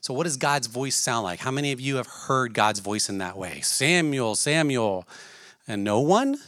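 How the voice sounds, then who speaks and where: A man's voice: mid-range voice, very animated, brisk, fairly bright tone, dry recording, studio quality. A man preaching a sermon in an earnest way, asking his listeners many questions. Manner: earnest, asks the audience questions.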